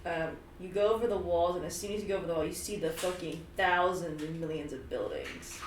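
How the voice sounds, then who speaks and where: A woman's voice: lowish voice, fairly quick, slight background noise. A young woman running a tabletop game as game master, chatting casually, laughing often and swearing freely. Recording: roomy, distant mic, faint background ambience.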